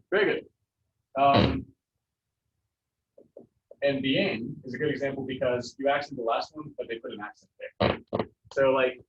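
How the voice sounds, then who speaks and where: A man's voice: medium pitch, a little hiss or hum. A man teaching a Spanish pronunciation lesson to a class, explaining casually with many fillers. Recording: echoey, distant, dull classroom recording.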